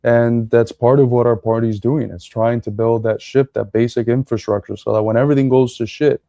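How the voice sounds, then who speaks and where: A man co-hosting a political podcast, speaking bluntly and swearing casually in relaxed chat. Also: mid-range voice, a little fast, vocal fry, dry recording, highs cut off. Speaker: podcast co-host.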